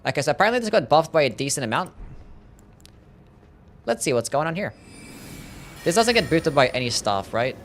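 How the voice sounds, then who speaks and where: A man with a mild Australian accent streaming a game and chatting casually with viewers in a relaxed, jokey way. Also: fairly high pitch, a little fast, pauses often, slight background noise. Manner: relaxed, jokey, reads and answers chat. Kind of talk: casual live-stream chat while gaming.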